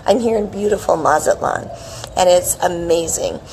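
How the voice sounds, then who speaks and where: A middle-aged woman hosting a casual live wellness stream, chirpy and animated, greeting viewers by name. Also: on the low side, normal speed, a little hiss or hum, rough recording. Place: outdoors with a palm tree behind. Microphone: hands-free phone camera.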